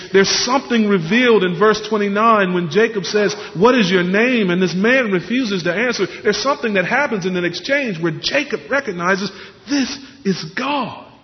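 A pastor preaching a sermon, explaining scripture earnestly and posing questions to the congregation. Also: male voice, high-pitched. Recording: muffled sound with long hall reverb.

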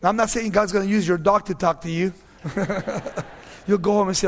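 High-voiced man preaching a sermon. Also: normal speed, in a large hall, a little hiss or hum. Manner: animated storytelling, drops to hushed tones. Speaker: pastor.

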